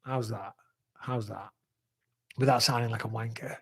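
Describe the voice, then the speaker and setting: This is a husky male voice of medium pitch, steady in tone and normal in speed. He's a middle-aged live-stream host who reads viewers' questions aloud and fires back blunt answers laced with frequent swearing.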